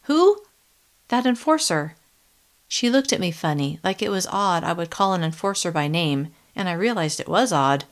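A woman reading a first-person young adult novel in a steady, measured audiobook narration. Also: on the low side.

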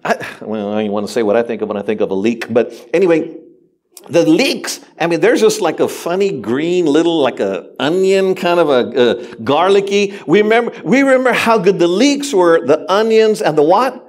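A man preaching a sermon as pastor, animated and humorous, addressing the congregation directly. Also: fairly high pitch, moderate pace. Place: church sanctuary.

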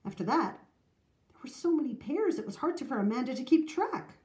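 Expressive woman reading a storybook. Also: high-pitched, a little fast, reverberant. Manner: expressive, sing-song reading. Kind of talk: children's storybook read-aloud.

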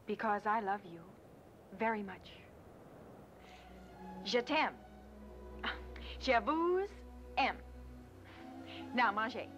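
An actress playing a kind young woman caring for two children. She talks gently and hesitantly, with fillers and halting French. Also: a little high, animated, dull audio. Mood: tender. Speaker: film character caring for children. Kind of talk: film musical dialogue. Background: music.

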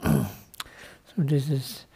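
A mid-range, warm voice with a breathy edge, very animated and drawing out its words, belongs to a Buddhist monk teaching dharma. His English is loose and non-native, and his playful style is dotted with "no?" checks and light laughter.

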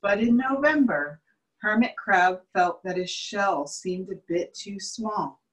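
A woman teacher reading a children's picture book aloud on a video call, with slow, clear storytelling and asides that point out the pictures. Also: medium pitch, lively intonation, poor audio. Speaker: children's educator.

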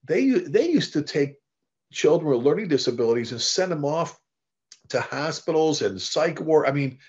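A man's voice: on the high side, moderate pace, husky. A middle-aged man, a fire service leader, telling stories in an interview, acting out quoted dialogue and restarting his sentences often. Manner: animated storyteller, acts out quoted dialogue, frequent restarts. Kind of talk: conversational storytelling. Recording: dull lo-fi interview audio.

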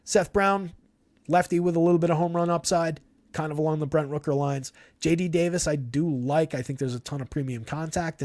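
A man's voice: fairly high pitch, darkish tone, no echo, clean studio sound. A man hosting a live fantasy baseball show, reeling off statistics and blunt opinions on players. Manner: rapid stat-heavy analysis, opinionated. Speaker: fantasy baseball analyst host. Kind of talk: live stream stat breakdown.

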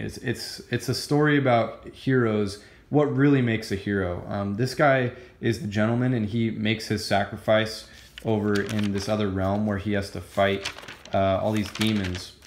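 Lowish-voiced guy rambling excitedly about comics, lots of likes and ums, echoey room. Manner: rambling, lots of fillers and restarts; excited, gushing. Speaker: comic book reviewer. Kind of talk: casual video review.

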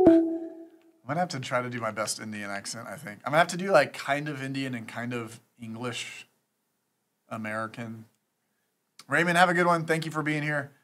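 A man's voice: medium pitch, animated, normal speed, pauses often, fairly bright tone. A man hosting a live stream, chatting casually and reading out thanks to supporters. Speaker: streamer scambaiting host.

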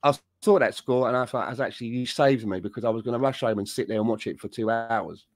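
A man's voice: mid-range voice, fast talker, dry recording. A man co-hosting a casual podcast, telling rambling, easygoing stories. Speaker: podcast co-host. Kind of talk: casual chat.

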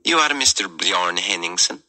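A man's voice: deep voice, animated, normal speed, sharp tone, full character voice, poor audio. A man reading the lines of a stout, businesslike Russian woman librarian, in a formal, declaratory manner. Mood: brisk.

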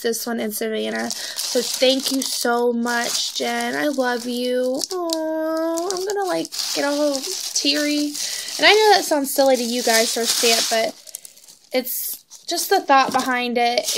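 A woman chatting excitedly as she unboxes crafting mail, filming on her phone at home, gushing over each item. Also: fairly high pitch, creaky, background noise. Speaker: crafting vlogger. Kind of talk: casual unboxing chat.

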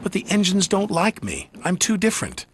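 A man's voice: high voice, huge pitch swings, a little fast, slight background noise, voice pushed up. A man voicing a shy, earnest little crane engine. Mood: sad. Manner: soft, earnest. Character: shy, odd-looking male crane engine, timid but brave. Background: background music.

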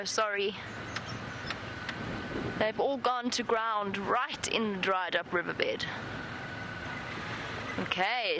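A woman presenting live wildlife commentary as a safari guide from an open vehicle, chatty and playful, cooing softly at animals. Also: medium pitch. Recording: outdoor vehicle and wind noise.

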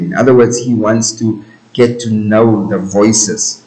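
A man's voice: fairly low pitch, steady tone, dark tone, rough recording. Man explaining a poem. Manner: slow, searching for words, rephrasing as he explains. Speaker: teacher.

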